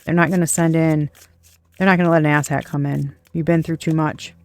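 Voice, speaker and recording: A tarot reader giving a casual, rambling intuitive reading straight to viewers, with soft laughs and the odd swear word. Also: mid-range voice, fairly even intonation, brisk, no room sound. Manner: rambling, chatty, speaks to unseen viewers.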